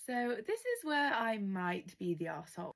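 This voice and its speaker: A woman's voice: fairly high pitch, wildly swooping pitch, normal speed, vocal fry, fairly bright tone. Sassy woman telling a story. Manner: sassy, wry comments between reading. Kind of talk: storytime narration with asides.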